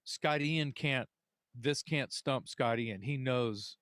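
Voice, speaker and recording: Halting podcast co-host, dry sound. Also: male voice, medium pitch, a bit bright, dry recording. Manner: loose, halting, filler-heavy talk. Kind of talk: casual chat.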